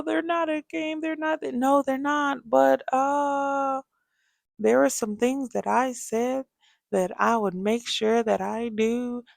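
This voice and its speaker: A young adult woman hosting a casual podcast, telling parenting stories with lively asides. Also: on the high side, gravelly, dry recording, studio quality. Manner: animated storytelling, acts out quoted voices. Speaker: podcast host.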